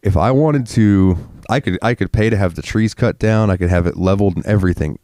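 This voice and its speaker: A man's voice: on the low side, a little fast, warm tone, dry recording, clean studio sound. A sick man from Florida, co-hosting a podcast in casual chat, rambling, swearing freely and getting worked up when he rants. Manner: profane, rambling, gets worked up ranting. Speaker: podcast co-host.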